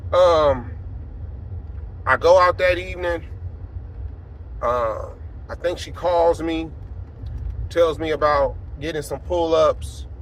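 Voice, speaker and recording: With a faint traffic hum in the background, an apostle in his forties gives a casual spoken testimony, rambling and conversational with lots of fillers. His rather high male voice alternates between low, subdued passages and loud, emphatic bursts.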